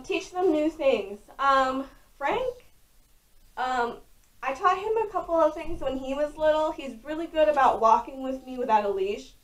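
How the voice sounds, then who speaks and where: Young woman vlogger, loud and frank, a bit high, recorded from a distance. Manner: talks loudly and frankly, with many fillers. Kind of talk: casual chat to camera. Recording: voice distant from the mic.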